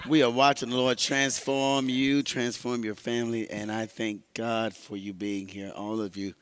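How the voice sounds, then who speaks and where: A man's voice: mid-range voice, flat delivery, moderate pace, a bit bright, slight background noise. A male pastor leading testimonies in an affirming, encouraging way. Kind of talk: leading testimonies in a church service.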